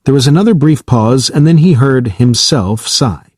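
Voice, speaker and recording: A man narrates an audiobook in a steady, even reading. His voice is mid-pitched with a husky edge. The recording is close and dry. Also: normal speed, few pauses, no room sound. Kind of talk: scripted narration.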